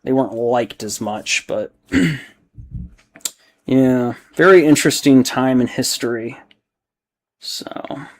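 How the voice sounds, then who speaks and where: A man's voice: mid-range voice, takes it slowly, pauses often. Rambling casual male livestreamer. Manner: rambling, swears freely, reacts to chat. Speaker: hobby painting livestreamer. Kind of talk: casual livestream chat while painting.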